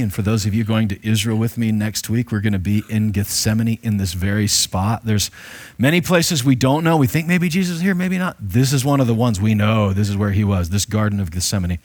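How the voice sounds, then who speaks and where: A man's voice: fairly low pitch, fairly quick, darkish tone. A man preaching a sermon as pastor, reading scripture and explaining it in a conversational, playful way with frequent restarts.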